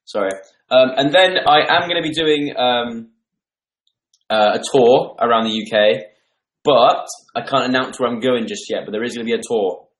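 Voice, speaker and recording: A young man chats loosely to viewers over a live stream, rambling from one thought to the next as he reads comments. His voice sits at an ordinary middle pitch, and the room around him rings noticeably. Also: normal speed, a bit bright, echoey room. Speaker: livestream host. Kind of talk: casual live stream chat. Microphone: desktop microphone.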